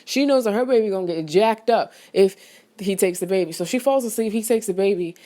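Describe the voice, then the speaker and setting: A woman with a mellow, soft-edged voice rambles through a casual film review for her vlog. She piles on fillers and restarts and breaks into sudden outraged exclamations. She paces back and forth while she talks. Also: mid-range voice, a little fast.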